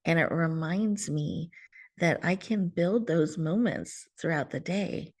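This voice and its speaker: A woman leads a virtual audience through a slow breathing exercise, her lowish voice soothing and coaching. She sometimes drops almost to a whisper. The sound comes through a video call. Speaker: host leading a guided breathing exercise. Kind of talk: gentle guided mindfulness talk.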